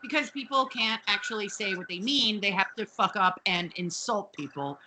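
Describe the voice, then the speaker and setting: A woman co-hosting a podcast in casual chat, sarcastic and animated, swearing freely. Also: medium pitch, moderate pace, noisy background. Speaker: podcast co-host.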